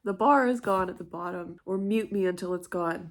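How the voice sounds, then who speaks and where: A woman's voice: mid-range voice, fairly even intonation, a little slow, hardly any pauses. A young woman vlogging casually about a book she just finished, emotional and swearing freely, laughing often. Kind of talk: casual vlog chat.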